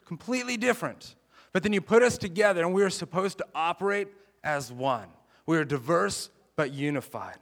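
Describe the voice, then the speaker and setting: A man preaching a sermon in a chatty, animated way, mixing jokes and scripture. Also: on the high side, a little fast, big-room sound. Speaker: pastor.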